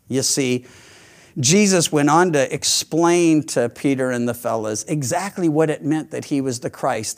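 A high-voiced man preaches a sermon. He tells the story with animated, acted-out quotes and often restarts his sentences. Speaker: pastor.

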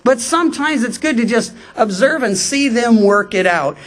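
A man preaching a radio sermon in a conversational, emphatic way, slowing down for quoted scripture. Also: very high voice, expressive, fairly bright tone. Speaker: pastor.

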